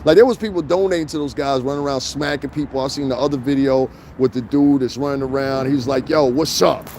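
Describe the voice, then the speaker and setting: A man's voice: mid-range voice, fairly even intonation, fast talker, dark tone, a little hiss or hum. A middle-aged man, hosting a casual livestream outdoors in the cold, reading comments and rambling in loose, profane stories. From New York. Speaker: livestream host. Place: outdoors in the cold, city street.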